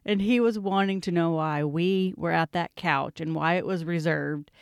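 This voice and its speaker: A woman's voice: lowish voice, normal speed, vocal fry, clean tone, no room sound, studio quality. A woman co-hosting a podcast with a Texan accent, talking frankly and reflectively in casual conversation. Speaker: podcast co-host.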